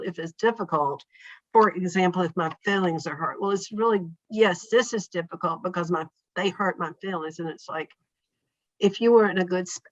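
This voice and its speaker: Soft-spoken woman guest, dry muffled sound. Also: lowish voice, dry recording. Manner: thoughtful, acts out inner dialogue in quotes. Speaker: podcast guest. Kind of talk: reflective conversational interview.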